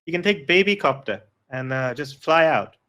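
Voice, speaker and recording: A man's voice: a little high, expressive, moderate pace, bright, forceful tone. A man running a tabletop game as game master, describing scenes in a loose, rambling way. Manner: rambling, full of fillers and restarts.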